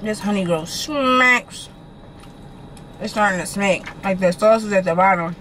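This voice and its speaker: A young woman vlogging from her car, chatting to her viewers in an animated, slangy way and swearing casually. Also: medium pitch, a little slow, slight background noise, poor audio. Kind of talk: casual chat to camera.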